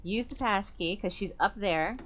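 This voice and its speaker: A young woman streaming a game, chatting and thinking aloud, with sudden excited outbursts. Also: medium pitch, moderate pace, faint music behind. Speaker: gaming streamer. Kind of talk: let's play commentary.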